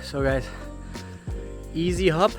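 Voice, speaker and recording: A man's voice: on the high side, takes it slowly, over music. A man with German as his first language, chatting casually as a travel vlogger outdoors on a hiking trail, out of breath from the climb and laughing often.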